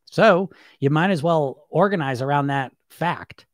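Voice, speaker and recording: A man coaching people on weight loss in a casual, animated way, often acting out the thoughts in people's heads. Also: on the high side, unhurried, dry recording, studio quality. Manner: animated, conversational, acts out inner voices.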